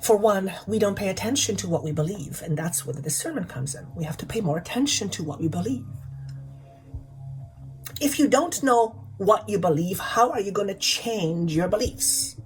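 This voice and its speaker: A woman's voice: mid-range voice, lively intonation, normal speed, darkish tone, rough recording. Woman, spiritual healer voice, talks over faint music, repeats questions for emphasis. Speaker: channeler and energy healer. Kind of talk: spiritual guidance talk.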